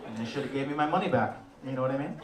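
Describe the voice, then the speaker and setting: A young adult man doing a stand-up comedy set on a club stage, deadpan with sudden loud outbursts. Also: mid-range voice, very fast, recorded from a distance, very noisy. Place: comedy club stage before a live audience. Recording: roomy live club sound, from the back, audience laughter.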